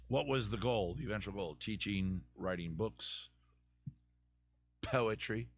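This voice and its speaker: A man's voice: fairly low pitch, a little slow, dry recording. A man hosting a live advice stream, chatting casually and joking as he thinks aloud with many restarts.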